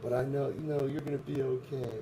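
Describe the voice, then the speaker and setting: A man mocking a voiceover with a quiet, muttering, self-pitying inner-monologue voice. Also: medium pitch, level tone, fast talker, background noise, voice pushed up, close to an everyday voice. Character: self-loathing male inner-monologue voice, mopey.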